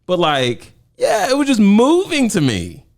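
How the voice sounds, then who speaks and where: A middle-aged father with a gravelly voice, co-hosting a podcast and pressing questions in a casual debate. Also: high-pitched, huge pitch swings, unhurried, darkish tone. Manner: questioning, pushes back. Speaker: podcast co-host.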